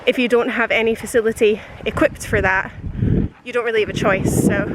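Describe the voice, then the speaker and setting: A woman vlogging from a beach, chatty and gushing, thinking out loud as she films on a camera mic. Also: fairly high pitch, steady tone, fairly quick. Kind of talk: casual travel vlog. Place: windy beach outdoors. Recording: heavy wind noise outdoors.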